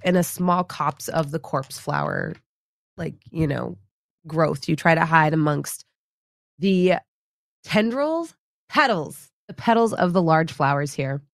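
Woman, game master, relaxed descriptive narration, dry sound, low pitch. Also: vocal fry, no echo. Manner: relaxed, descriptive, casually corrects herself.

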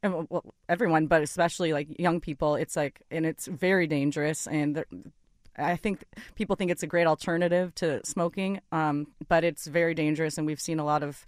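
A low-pitched, brisk woman's voice, recorded with no room sound. She's a sideline reporter appearing as a guest in a radio studio, casually chatting and telling a funny story. She's animated, laughs often, and quotes her own lines of dialogue.

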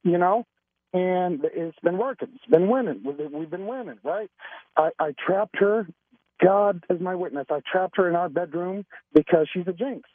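Emotional caller on a tinny phone. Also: male voice, high-pitched, normal speed, no echo. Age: 40s. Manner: emotional, rambling, stammering. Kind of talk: excited call-in chat. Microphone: telephone.

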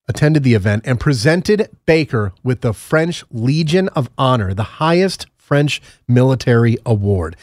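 A man's voice: mid-range voice, expressive, moderate pace, hardly any pauses, darkish tone, no echo, clean studio sound. A man co-hosting a podcast, chatting casually and telling rambling, joking anecdotes. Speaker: podcast co-host. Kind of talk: casual chat.

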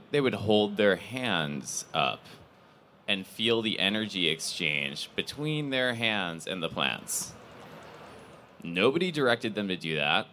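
A man moderating a casual panel discussion, rambling with frequent restarts and growing animated as he tells stories. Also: lowish voice, slight background noise. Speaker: panel moderator, company CEO.

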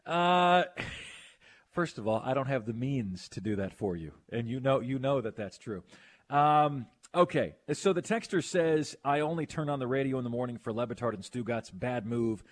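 A man hosting a sports radio show, chatting casually and reading listener texts aloud. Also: mid-range voice. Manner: animated, quick to protest, reads listener texts aloud.

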